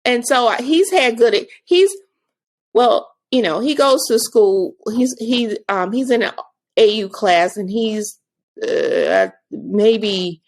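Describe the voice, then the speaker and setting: A woman guest and autism advocate, telling lively stories about her son in a casual conversation, laughing often. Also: on the high side, slow pace. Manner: animated storyteller, laughs often.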